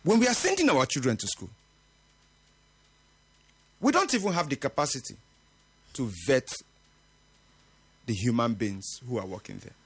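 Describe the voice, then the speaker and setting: A husky-voiced middle-aged man hosts a morning radio talk show. He speaks earnestly and with emphasis, and his pitch swings widely as he makes his points. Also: sing-song, moderate pace, pauses often. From Nigeria. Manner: earnest, emphatic, with occasional laughs. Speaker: radio host.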